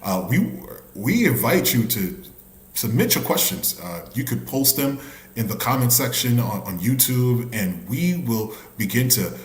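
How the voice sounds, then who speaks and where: A man hosting a church men's ministry live stream, animated and chatty, with many restarts and shout-outs. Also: medium pitch, measured pace, echoey room, slight background noise. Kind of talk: upbeat casual hosting.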